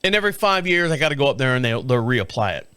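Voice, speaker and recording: A man's voice: mid-range voice, very animated, fast, bright, forceful tone, clean tone, no echo. A middle-aged man hosting a podcast, telling a long story in a profane, rambling, casual way and acting out parts with laughs and sound effects. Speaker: podcast host.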